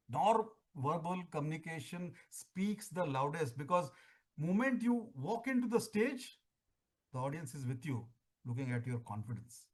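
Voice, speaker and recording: A middle-aged man, giving an oratorical talk on contest speaking with emphatic phrasing and deliberate pauses. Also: on the high side, sing-song. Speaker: public speaking trainer.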